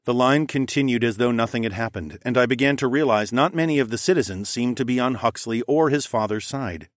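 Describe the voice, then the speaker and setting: A man's voice: medium pitch, brisk, no echo. Wry male audiobook narrator, dry sound. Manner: conversational, wry, casual swearing. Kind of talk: first-person fantasy narration.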